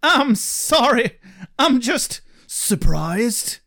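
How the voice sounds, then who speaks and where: A man voicing a flustered young woman in a halting, raised falsetto during a mock dramatic reading. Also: big pitch swings, gravelly, sharp tone, exaggerated voice.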